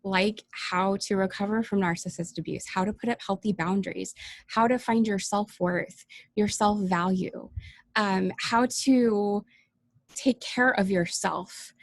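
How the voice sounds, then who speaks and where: A woman life coach speaking earnestly and emotionally in a personal welcome vlog, pausing often and sometimes close to tears. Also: medium pitch, dry recording. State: teary-eyed.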